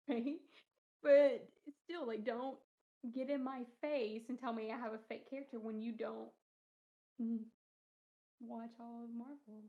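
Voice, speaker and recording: A woman's voice: on the high side, measured pace, pauses often. A young woman co-hosting a podcast in casual chat, telling stories with lots of laughter and acted-out quotes. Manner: animated storytelling, acts out quoted voices, laughs often. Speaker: podcast co-host. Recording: dull lo-fi podcast audio.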